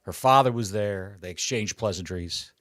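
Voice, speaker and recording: A man's voice: on the low side, normal speed, no room sound, studio quality. A man co-hosting a podcast in casual chat, crude and sarcastic as he riffs. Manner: crude, sarcastic, animated riffing. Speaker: podcast co-host.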